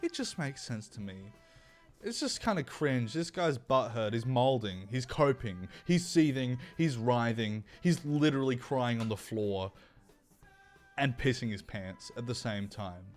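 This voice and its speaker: A man's voice: mid-range voice, expressive, measured pace, soft background music. Profane young man ranting on stream. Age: young adult. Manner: crude, sarcastic, mocking asides. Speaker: livestream commentary host. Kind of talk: profane casual commentary rant.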